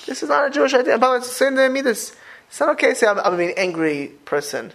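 A man teaching a Torah class as a rabbi to a room, talking in an animated way with many restarts and rhetorical questions. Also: very high-pitched, rapid-fire, rough recording. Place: room with a live audience.

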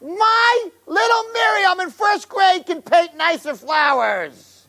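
A man's voice: lively intonation, slow pace, full character voice. A man voicing a brash old Jewish woman tourist who shrieks her complaints. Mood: outraged. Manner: shrill, shouting complaints.

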